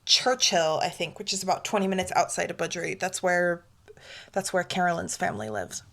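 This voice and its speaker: Young woman, bright voice, chatty true crime podcast storytelling, says like a lot. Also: fairly low pitch, animated, brisk. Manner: chatty, swears, heavy use of "like". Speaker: podcast co-host.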